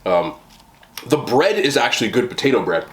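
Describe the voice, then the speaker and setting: A man casually reviewing fast food on camera, chatting with fillers and talking through mouthfuls at a desk mic. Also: mid-range voice, big pitch swings, fairly bright tone. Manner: chatty, talks while chewing, frequent fillers.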